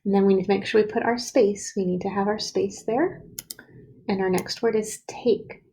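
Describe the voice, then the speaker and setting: A woman's voice: medium pitch, steady tone, normal speed, warm tone, a little hiss or hum, low-quality recording. A woman teacher leading a recorded writing lesson for young children, patiently sounding out each word and letter.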